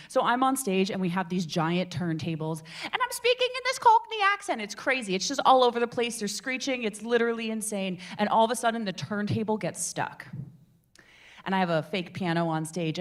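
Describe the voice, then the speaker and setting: Animated theatrical woman coaching a crowd. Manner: animated, theatrical storyteller with big swings in pitch and volume. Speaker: public speaking coach and meetup host. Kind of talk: lively workshop talk to a live group.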